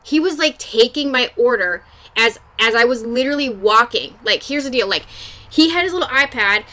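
A woman's voice: a little high, lively intonation, normal speed, pushed and bright. A young adult woman hosting a podcast, telling a personal story in a candid, casual way, swearing freely and filling with "like". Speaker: podcast host.

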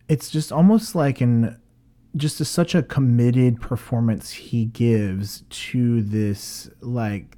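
A man's voice: medium pitch, mellow. A man giving a casual, rambling film review, full of fillers and restarts.

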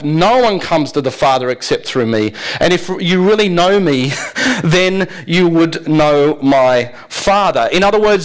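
A man's voice: on the high side, expressive, a little slow, low-quality recording. A man preaching a sermon in a conversational way, asking the congregation rhetorical questions and often laughing. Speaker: pastor.

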